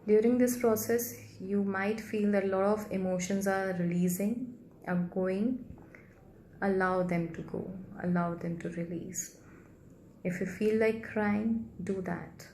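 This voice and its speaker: A woman guides a healing meditation in a soft, gentle, medium-pitched voice, speaking slowly and repeating her phrases. There's noticeable room echo and a faint hiss beneath her.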